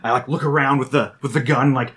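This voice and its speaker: Husky-voiced man player. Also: medium pitch, fairly even intonation, fast, fairly bright tone. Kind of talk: casual tabletop play.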